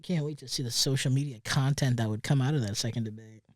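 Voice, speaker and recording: A man's voice: medium pitch, quick pace, no echo. A young man hosting a solo podcast, rambling through casual commentary with lots of swearing and sarcastic asides, recorded in a studio. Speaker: podcast host.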